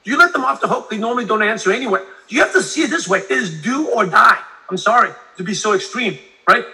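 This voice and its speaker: A man with a high, piercingly bright voice coaches a live online audience on closing sales. He talks emphatically and repeats his points, tagging them with "right?" and answering viewer comments mid-flow. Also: lively intonation, quick pace. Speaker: sales trainer.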